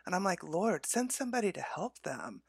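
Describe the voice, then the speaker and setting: A woman's voice: on the low side, very animated, a little fast, gravelly, slightly rough, no echo, clean studio sound. A woman co-hosting a faith podcast, telling a personal story in an earnest, heartfelt way.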